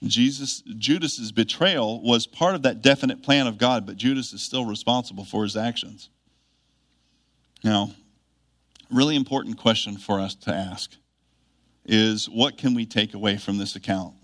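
A man preaching a sermon in an earnest, measured way, with emphatic rises when he reads scripture. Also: fairly low pitch, fairly bright tone.

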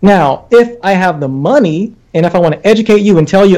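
A man in a casual debate chat, talking in an emphatic, animated way as a vegan guest. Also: high-pitched, fast talker, hardly any pauses.

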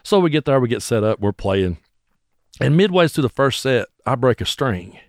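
A man, a musician telling stories in an animated, casual way. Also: mid-range voice, moderate pace, dry recording, clean studio sound. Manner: animated, acts out voices. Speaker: musician guest. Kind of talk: casual storytelling.

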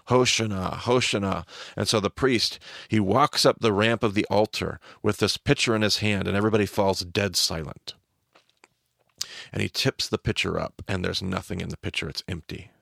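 Man teaching through a story, gravelly voice, low, dry close sound. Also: a bit bright, no room sound. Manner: vivid storyteller, voices the crowd's chants. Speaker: teacher and podcast host.

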